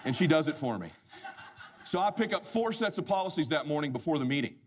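A man telling a humorous personal story as a motivational speaker, animated and emphatic. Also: on the high side, quick pace, slight background noise. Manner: animated, emphatic, swings loud and soft.

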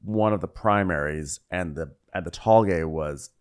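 A man's voice: sits low, normal speed, clear, resonant tone. A man co-hosting a comedy podcast, recapping a show in a rambling, profane, self-correcting way. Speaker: podcast co-host.

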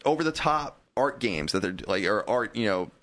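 A man's voice: on the low side, lively intonation, moderate pace, a bit bright. A man on a casual podcast, ranting animatedly with strong opinions. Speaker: podcast co-host. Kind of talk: casual chat.

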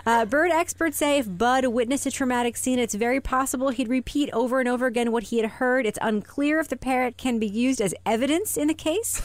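A woman's voice: high voice, fairly quick, hardly any pauses, no room sound. A woman hosting a podcast, chatting casually and reading news items with a wry edge. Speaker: podcast host. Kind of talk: casual chat.

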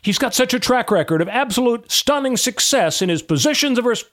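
A man's voice: very high-pitched, lively intonation, a little fast, fairly bright tone. A middle-aged man hosting a casual political talk show, full of sarcastic mock-surprised asides. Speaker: podcast host.

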